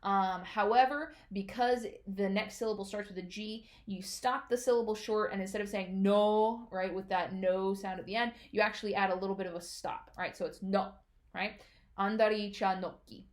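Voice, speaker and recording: A woman's voice: medium pitch, steady tone, moderate pace, hardly any pauses. A woman teaching as a martial arts instructor, explaining patiently and checking in often with "all right?".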